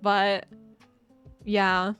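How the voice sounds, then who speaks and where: A woman's voice: mid-range voice, monotone, very slow, a bit bright, faint music behind. A woman streamer in casual chat, rambling and laughing often as she reads chat messages.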